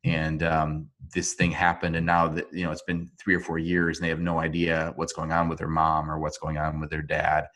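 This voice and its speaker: A man answering interview questions over a video call, earnest and halting, with frequent restarts. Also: a bass voice, completely flat delivery, a bit bright. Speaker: interview guest. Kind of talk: remote interview.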